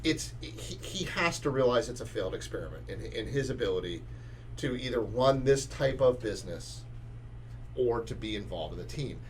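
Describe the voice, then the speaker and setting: A man co-hosting a sports talk podcast, making his points with emphasis and frequent restarts. His voice sits at an average pitch, with a faint hiss of noise behind it. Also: lively intonation, moderate pace. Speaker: podcast co-host.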